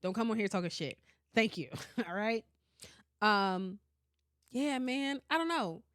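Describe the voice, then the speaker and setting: A woman hosting a podcast in casual chat, animated and blunt, swearing freely and often breaking into laughter. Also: medium pitch, measured pace, dry recording, studio quality. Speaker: podcast host.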